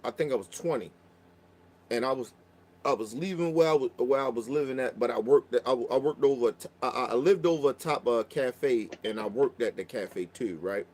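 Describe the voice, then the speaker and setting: A man's voice: medium pitch, normal speed, darkish tone. A man telling a long story in casual chat, profane and rambling, often restarting his sentences. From Baltimore.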